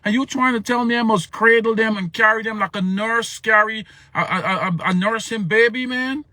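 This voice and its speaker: A man's voice: sits high, fairly even intonation, normal speed, sharp tone, no echo, pitched above the performer's own voice. A man doing an exasperated pleading prophet. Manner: complaining, pleading, repeating "man". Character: exasperated weary male prophet pleading with God.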